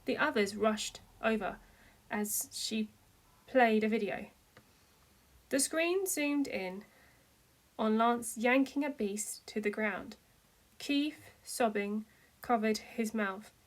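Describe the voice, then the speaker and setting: A woman reading fan fiction aloud, narrating steadily and lifting her voice for the characters' cries. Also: fairly high pitch. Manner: reads steadily, with voices rising into cries for dialogue. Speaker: fanfiction reader. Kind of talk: amateur read-aloud story narration.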